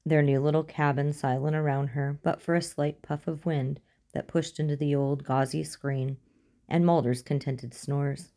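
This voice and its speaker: A woman reading a story aloud as narrator, in a steady, even manner. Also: deep voice, normal speed. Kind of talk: audiobook narration.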